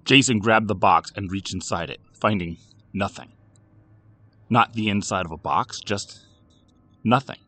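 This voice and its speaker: A man narrating a scripted horror story with a dramatic, expressive reading. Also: lowish voice, unhurried, long pauses.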